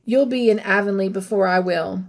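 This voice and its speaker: A woman reading the lines of a dreamy, emotional young woman in a storybook, halting and stammering. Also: mid-range voice, vocal fry, natural voice.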